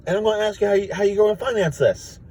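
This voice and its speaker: A man voicing a frantic, anxious teenage boy sidekick in a high, strained, whiny voice. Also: racing, a little mellow, breathy edge, no echo. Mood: worried.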